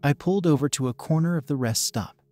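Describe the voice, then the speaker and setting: Man narrating a story over soft music. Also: on the high side, fast, dry recording. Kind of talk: scripted first-person narration.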